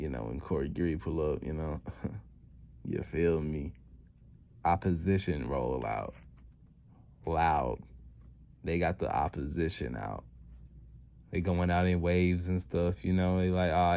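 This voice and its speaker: Deep-voiced man rambling through a recap. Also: animated, slow, gravelly, pauses often, mellow. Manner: rambling, loose slangy delivery with many fillers. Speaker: channel host recapping a fan story. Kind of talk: casual storytelling recap.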